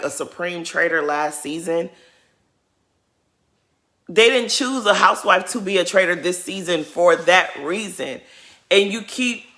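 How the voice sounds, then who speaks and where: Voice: medium pitch, pushed and bright. A commentator giving sassy, casual reaction commentary on a reality show, talking straight at the cast.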